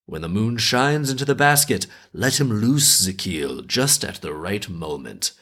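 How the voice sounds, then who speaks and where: A man's voice: lowish voice, very animated, measured pace, fairly bright tone, full character voice. A man voicing a haggard old sorceress, speaking in a muffled voice in a read-aloud folk tale. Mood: ominous. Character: haggard old sorceress woman, cold and muttering.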